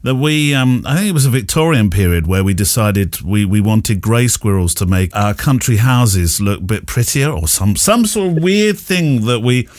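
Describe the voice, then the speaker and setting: A man's voice: on the low side, expressive, normal speed, hardly any pauses, darkish tone, no echo, studio quality. A man, hosting a podcast interview in casual chat, thoughtful and prone to stammering restarts. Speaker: podcast host.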